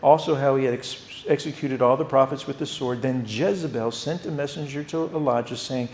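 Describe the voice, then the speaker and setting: A man teaching a theology class at a church. He talks in an animated way and often repeats words. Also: medium pitch, brisk, few pauses, reverberant. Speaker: Bible teacher.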